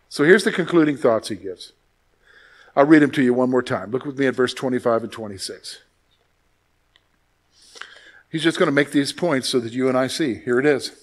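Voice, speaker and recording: A man pastor preaching a sermon, emphatic, moving between loud exclamations and quiet asides. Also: mid-range voice, a little fast.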